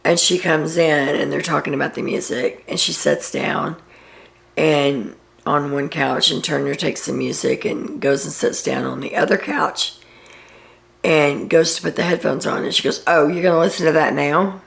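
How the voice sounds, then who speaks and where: Low, gravelly woman host; casual gossipy recap with dry sarcastic asides. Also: fairly even intonation, measured pace.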